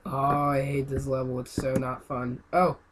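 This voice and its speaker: A young man giving casual gameplay commentary, rambling and then yelling and ranting at the game. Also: medium pitch, monotone, normal speed. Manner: rambling, yells and rants at the game. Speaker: gaming channel host. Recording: noisy amateur home recording.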